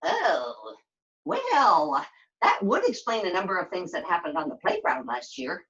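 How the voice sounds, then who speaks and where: A woman puppeteer voicing a chatty, excitable young girl who talks in quick, sassy bursts during a puppet show. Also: on the low side, highs cut off, heavily acted. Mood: sassy, excited. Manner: breathless, sassy, quick to exclaim.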